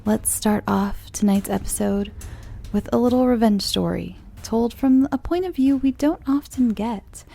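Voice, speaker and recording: A woman's voice: a little high, unhurried, creaky, warm tone. A tired woman hosting a horror podcast, chatting in a rambling, openly grateful way. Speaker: podcast host. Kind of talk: casual podcast intro.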